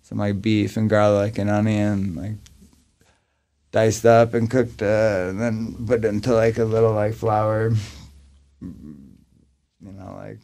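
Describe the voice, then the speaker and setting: Rambling man with a low voice. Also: level tone, slow, vocal fry, pauses often, warm tone. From US Pacific Northwest. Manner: rambling, many fillers and restarts. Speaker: guest, label owner and booker. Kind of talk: casual podcast chat.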